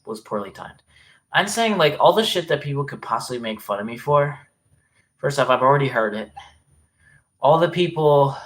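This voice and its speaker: Young male streamer, loose and rambly, regional accent, swears easy, mid-pitched. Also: a bit bright. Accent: regional dialect, place unstated. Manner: rambling, filler-heavy, swears casually. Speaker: livestream host. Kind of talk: casual live-stream chat.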